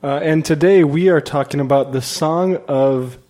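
A man's voice: on the high side, normal speed, mellow. Laid-back man hosting a chatty podcast. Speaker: podcast host. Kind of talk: casual chat.

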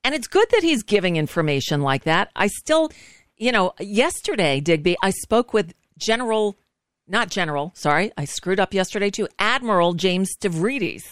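A woman's voice: mid-range voice, very animated, moderate pace, clean tone, no echo, studio quality. A woman guest hosting a radio talk show, chatting frankly and casually, often restarting her sentences.

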